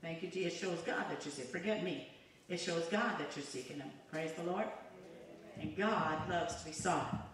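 A woman's voice: lowish voice, normal speed, slight background noise. Woman, evangelist, fervent sermon, call-and-response, heavy church echo, distant mic. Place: church sanctuary. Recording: echoey church hall from far off.

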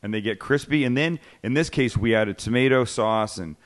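A man's voice: medium pitch, normal speed. A middle-aged man hosting a cooking podcast, chatting casually and joking while he reads out listener mail. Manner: jokey, casual, swears freely. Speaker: cooking show host.

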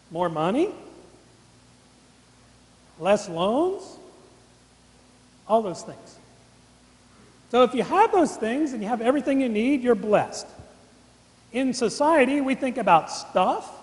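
A middle-aged man gives a sermon as a college chaplain, often turning questions to his listeners. His voice sits high for a man. The sound rings out in a large, echoing chapel. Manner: interactive, asks the congregation questions. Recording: echoey chapel with long reverb.

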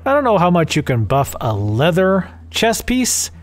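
A man's voice: high voice, huge pitch swings, moderate pace, faint music behind. Sarcastic Southern man commenting on gameplay. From American South. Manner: sarcastic, profane, rambling asides. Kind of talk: casual let's play commentary. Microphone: desk mic at home.

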